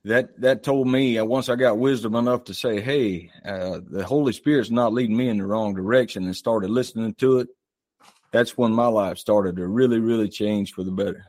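Man, caller, low voice, reflective, dry sound. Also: moderate pace, darkish tone, no room sound. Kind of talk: call-in talk.

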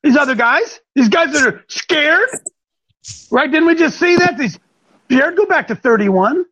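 A high-pitched man called coach leads a group Bible discussion with animated energy at a measured pace. Acting out characters, he sometimes slips into strained, crying voices, and the recording sounds dull and lo-fi.

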